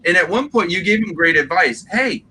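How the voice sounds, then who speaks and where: A high, very bright male voice that spills out animated, rambling stories and slips into acted quotes. He is hosting a relaxed reseller livestream chat, with a faint hiss of noise behind him. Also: a little fast, rough recording. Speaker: livestream host. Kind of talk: casual chat.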